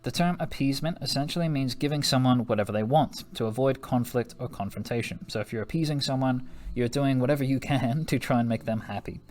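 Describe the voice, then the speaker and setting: Casting: young American man, history teacher, casual and jokey, mid-pitched, laughs a lot. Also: quick pace, darkish tone. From United States. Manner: jokey, chatty, laughs often, slangy asides. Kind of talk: recorded classroom lesson.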